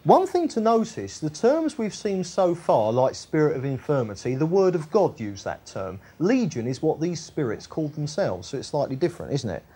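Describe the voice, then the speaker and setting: A woman with a husky, warm, low voice teaches from scripture, reading verses aloud and then explaining them. Her delivery is chatty and colloquial, with lots of tag questions, and her pitch swings widely. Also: big pitch swings, moderate pace, few pauses. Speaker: Bible teacher.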